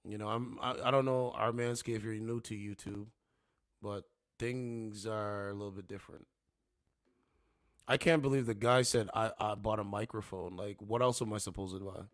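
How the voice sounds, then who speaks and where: Streaming casually from a home studio equipped with two monitors, this host talks at a moderate pace in a lowish, fairly even voice. He rambles and keeps saying "you know what I'm saying," with no room sound audible.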